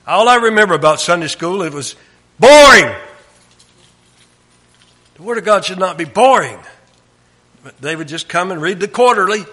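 Guy preaching a bible study, bright tone, slightly high voice, gets emphatic then drops quiet. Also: lively intonation, brisk. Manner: emphatic, drops to a hush at phrase ends. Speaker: Bible teacher. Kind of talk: sermon.

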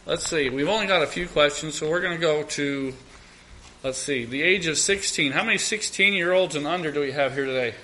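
Male Bible study teacher, middle-aged, high and very bright voice, earnest and repetitive delivery. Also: a little fast, slight background noise. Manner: earnest, repeats key phrases, acts out prayers.

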